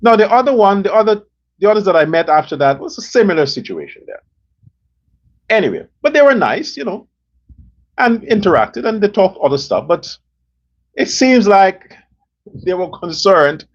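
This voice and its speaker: A male show host giving a blunt, profane commentary monologue, telling stories in a rough, outspoken way. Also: high voice, big pitch swings, normal speed, long pauses, highs cut off.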